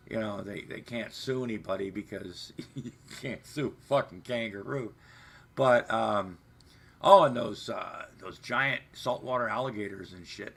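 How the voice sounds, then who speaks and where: This livestream host talks from home without appearing on camera. His voice is lowish, with vocal fry and a fairly bright tone, and his talk wanders along in a profane, rambling way.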